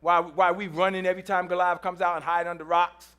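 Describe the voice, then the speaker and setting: Scornful older brothers jeer at their little shepherd brother, as a preacher acts them out in his sermon. The voice is high and bright and keeps a sneering, dismissive edge. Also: level tone, quick pace, clean tone. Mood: mocking.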